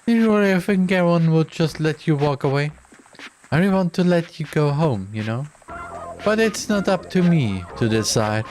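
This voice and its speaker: A man reads game dialogue aloud, voicing a gleeful, sadistic male game-show host in a gloating, mock-cheerful, theatrical announcer style. His medium-pitched voice is very animated and unhurried, with a little hiss or hum in the audio.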